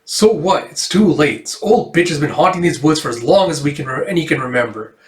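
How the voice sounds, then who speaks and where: Guy putting on a loud angry hunter dude, rough drawl, higher than his normal voice. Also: lively intonation, fairly quick, echoey room, far from the mic, close to an everyday voice. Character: hot-headed rough hunter man, aggressive.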